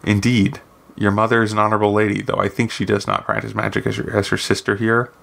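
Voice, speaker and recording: A man reading as a smooth, cold female governor. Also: lowish voice, flat delivery, fast, a bit bright, full character voice. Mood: probing. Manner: smooth, coolly formal.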